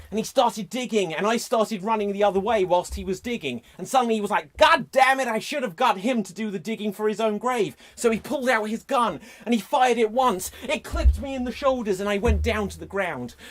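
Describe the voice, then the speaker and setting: A man improvising an over-the-top dramatic story, swinging from hushed narration to shouts. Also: high voice, a little fast. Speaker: improv performer. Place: live online improv show.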